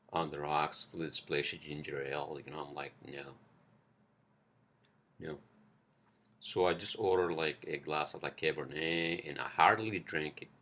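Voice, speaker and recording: A man's voice: very deep voice, a bit bright. A man hosting a casual solo podcast, rambling and swearing with lots of fillers, recorded at home on a cheap headset mic. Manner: rambling, profane, many fillers. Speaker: podcast host. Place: indoors at home, street traffic outside. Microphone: cheap headphones.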